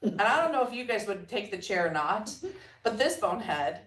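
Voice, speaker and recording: A woman guest telling stories in a relaxed interview, acting out what others said, often with a laugh. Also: medium pitch, moderate pace. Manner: animated storyteller, quotes others with laughs. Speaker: guest entrepreneur. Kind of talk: conversational storytelling. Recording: roomy sound, mic at a distance.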